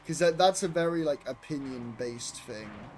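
A loud, excitable young British man who swears casually while commenting on his own speedrun. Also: mid-range voice, moderate pace. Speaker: speedrunner streaming a racing game. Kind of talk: casual live commentary over gameplay. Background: game music and engine sounds.

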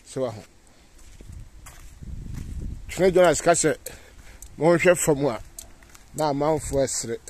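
A man's voice: a little high, slow pace, pauses often, a little mellow. A Ghanaian man giving a casual outdoor walking tour as a vlogger, pointing things out as he walks. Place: outdoors on city streets.

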